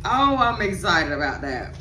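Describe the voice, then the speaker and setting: A woman's voice: lowish voice, very animated, normal speed. A woman, chatting casually with her viewers as she unboxes gifts. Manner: chatty, addresses viewers as y'all and child. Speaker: vlogger. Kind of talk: casual chat while unboxing. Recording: echoey room, mic at a distance, background noise.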